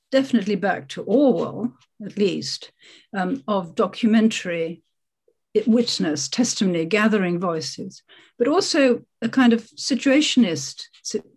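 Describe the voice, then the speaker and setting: Brief: articulate female discussant, thoughtful and self-correcting, slightly high voice. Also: a little mellow. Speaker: panel discussant. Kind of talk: literary discussion.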